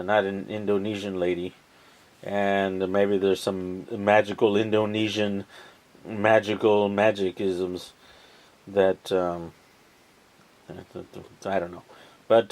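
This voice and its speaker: A man casually retelling a film plot, rambling with lots of ums and uhs and the odd swear word. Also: fairly low pitch. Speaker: vlogger.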